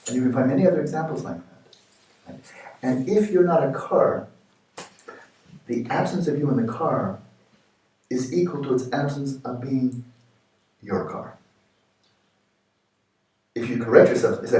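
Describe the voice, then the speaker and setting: A man in his sixties giving a meditation retreat talk, explaining with playful everyday examples and sudden lively jumps in pitch. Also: moderate pace, long pauses. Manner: animated, playful examples, rising pitch for jokes. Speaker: meditation teacher. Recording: echoey hall from far off.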